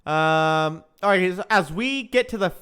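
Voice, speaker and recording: A high, smooth male voice talking casually to his audience during a live stream. He jokes, ribs himself and laughs easily while he runs through the session. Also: animated, unhurried, fairly bright tone. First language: English. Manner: chatty, joking, laughs at himself.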